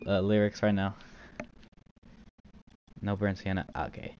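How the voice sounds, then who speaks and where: A man's voice: lowish voice, flat delivery, a little slow, long pauses, a little mellow, rough recording. A man streaming live, casually chatting and joking as he reads chat aloud. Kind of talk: casual livestream chat while trading.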